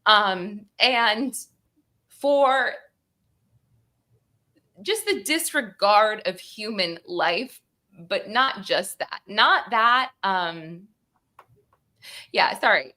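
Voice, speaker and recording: Woman host, crying while she talks, bright tense tone, animated courtroom retelling. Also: medium pitch, very slow, pauses often. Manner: tearful, animated, acts out courtroom quotes. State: crying, sniffly. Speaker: true crime show host. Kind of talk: emotional livestream case recap.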